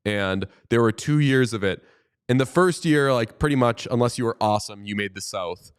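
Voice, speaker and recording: A man co-hosting a sports podcast in casual chat, animated and joking, swearing freely. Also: mid-range voice, normal speed, smooth. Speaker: podcast co-host.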